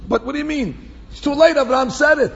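A man teaching a Torah class to a small group in an animated way, repeating phrases for emphasis and mixing in Hebrew quotes. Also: extremely high pitch, quick pace, vocal fry. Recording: echoey hall, dull lo-fi sound with faint background hum.

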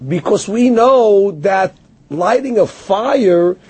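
A man's voice: high voice, expressive, slow pace, darkish tone, breathy edge, no echo. A man giving a Torah lecture as a rabbi. He tells stories, quotes Hebrew verses and explains them, and answers a heckler with self-deprecating humor. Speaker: rabbi teaching a Torah class.

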